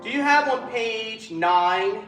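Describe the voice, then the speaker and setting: A man's voice: sits high, animated, slow pace, sharp tone. A man directing a choir rehearsal, counting in the singers and singing phrases to show them. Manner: counts in and sings phrases to demonstrate. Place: large echoey rehearsal hall. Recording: roomy hall with choir and piano behind. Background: choir singing and instruments.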